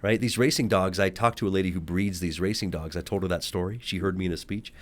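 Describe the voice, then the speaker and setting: A man speaks quickly and with emphasis as he tells a story on a podcast. His voice sits fairly low and moves fast. The talk is a relaxed, casual conversation. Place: podcast studio at a table.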